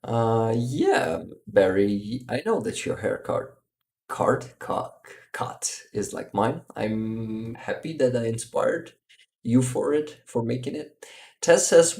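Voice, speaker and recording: A man from Ukraine, hosting a casual livestream, reading viewer comments aloud in an unhurried way, searching for words and laughing often. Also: medium pitch, creaky, a little mellow. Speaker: livestream host.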